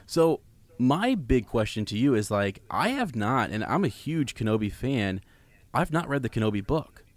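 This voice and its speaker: A man hosting a casual podcast interview, halting and repeating words with many fillers. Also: mid-range voice, sing-song, no room sound.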